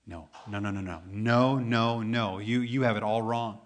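A man from Tennessee, a pastor preaching a sermon in an animated, joking storytelling manner. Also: fairly low pitch, fairly quick, few pauses.

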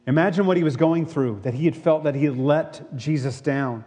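Male pastor with a slightly high voice, preaching a sermon in an echoing hall and pressing listeners with questions. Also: normal speed, warm tone. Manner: reads scripture, then preaches with rhetorical questions.

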